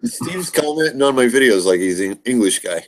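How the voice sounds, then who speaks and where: A man's voice: mid-range voice, lively intonation, moderate pace, a little hiss or hum. A man hosting a casual live stream chat, loose and joking, laughing often.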